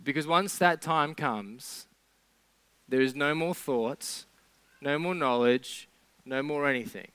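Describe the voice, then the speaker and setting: A man's voice: a little high, slow, fairly bright tone, smooth, no room sound. A man preaching a sermon in a conversational way, with sarcastic asides.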